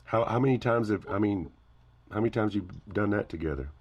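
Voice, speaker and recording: A man hosting a casual chat, talking in a relaxed, rambling way. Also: fairly low pitch, fairly quick, highs cut off.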